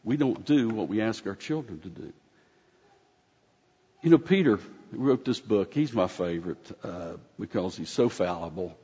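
A man's voice: lowish voice, animated, normal speed, dark tone, breathy edge. A man preaching a conversational sermon in a folksy, rambling way, often restarting his sentences. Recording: dull sound with long hall reverb.

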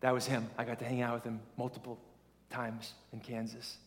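A male pastor preaching a sermon in a lively, conversational way, calling on the congregation to repeat lines after him. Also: mid-range voice, fairly quick, a little hiss or hum. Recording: long reverb of a large hall.

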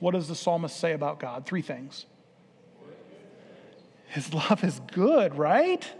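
A pastor delivers a sermon, teasing and questioning his congregation as he goes. His voice sits high for a man. The long reverb of a church hall hangs behind every phrase. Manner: playful, engaging the congregation with questions. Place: church sanctuary.

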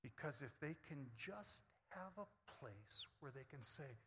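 A man's voice: medium pitch, animated, measured pace, hardly any pauses, a little hiss or hum. Emphatic preacher man in an echoing hall. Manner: emphatic, swings between quiet intimacy and loud bursts. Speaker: pastor. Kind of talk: sermon.

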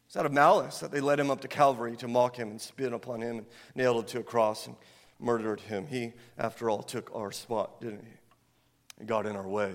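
Middle-aged pastor guy preaching, big echoey church hall, gets loud and mocking quoting folks. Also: high-pitched. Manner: animated, swings into loud mock outrage when quoting. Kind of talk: sermon. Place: church sanctuary. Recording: long hall reverb.

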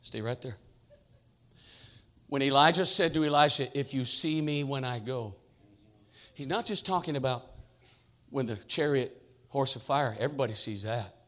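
A man's voice: medium pitch, moderate pace, fairly bright tone. A man preaching a sermon in a church, using a repetitive cadence and rhetorical questions. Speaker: pastor. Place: church sanctuary.

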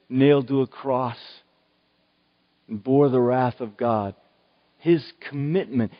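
Older pastor in an echoey hall. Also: male voice, mid-range voice. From Oklahoma, US. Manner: earnest, emphatic, with frequent restarts. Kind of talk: sermon. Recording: dull, echoey hall recording.

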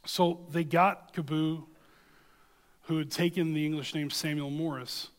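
A man's voice: on the high side, steady tone, measured pace, in a large hall. A man preaching a sermon, reading scripture and telling a story, earnest and emphatic, often checking in with listeners.

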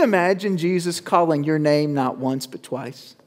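A male pastor preaching a sermon, measured with dramatic pauses, building to urgent calls. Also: fairly high pitch, animated. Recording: long reverb of a church hall.

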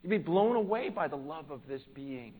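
A pastor preaching a conversational sermon in church, earnest and plain-spoken, swelling to emphatic peaks. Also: male voice, on the high side, animated, normal speed, warm tone, rough recording.

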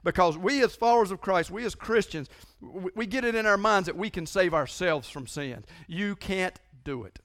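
A man's voice: high voice, normal speed, few pauses, fairly bright tone. A man preaches a sermon. He talks conversationally, presses key points hard and repeats phrases for emphasis. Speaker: pastor.

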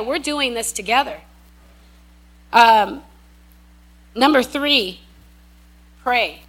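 A woman delivers a sermon in a high, ringing voice. She is emphatic, repeats key lines for weight, and breaks into animated asides. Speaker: preacher.

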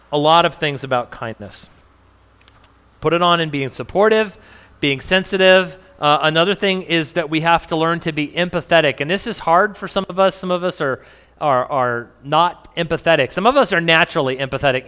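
A man's voice: on the high side, bright, forceful tone, smooth. A man preaching a sermon to a congregation in a conversational, joking way. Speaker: pastor. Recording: echoey hall.

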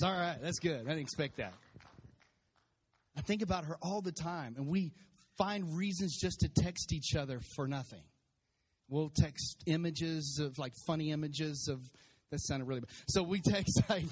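Emphatic man preaching in an echoing church. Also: on the high side. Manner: emphatic preaching with laughter and repeated refrains. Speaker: pastor. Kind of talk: sermon. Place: church sanctuary with congregation. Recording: long hall reverb.

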